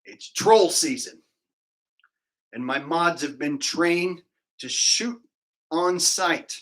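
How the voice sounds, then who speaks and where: A man's voice: fairly high pitch, lively intonation, takes it slowly, a bit bright. A man hosting a livestream, chatting casually, rambling and mocking, laughing at his own jokes. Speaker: livestream host.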